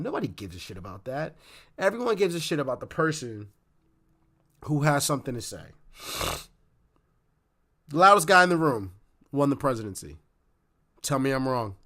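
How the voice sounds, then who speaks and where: A man's voice: mid-range voice, fairly bright tone. Casting note: male podcast host, a bit under the weather, blunt and profane solo rant. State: sounds sick.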